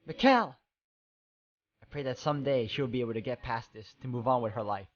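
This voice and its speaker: A man reading game dialogue aloud in a soft, emotional, hesitant way. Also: mid-range voice, rapid-fire, highs cut off. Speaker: game walkthrough narrator.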